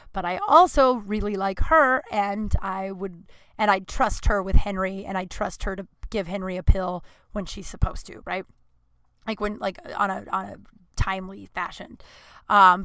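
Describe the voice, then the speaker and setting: A woman's voice: medium pitch, sharp tone, no room sound. A woman in her thirties hosting a podcast alone, telling stories in a rambling, chatty way full of fillers and self-aware laughs, recorded in a small closet at home. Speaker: podcast host. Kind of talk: casual storytelling monologue.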